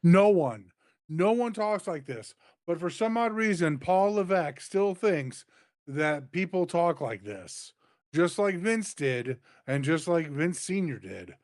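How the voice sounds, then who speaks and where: A man's voice: on the high side, very animated, takes it slowly, a little mellow, dry recording, studio quality. A man co-hosting a wrestling review in casual chat, blunt and dismissive. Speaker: wrestling show co-host.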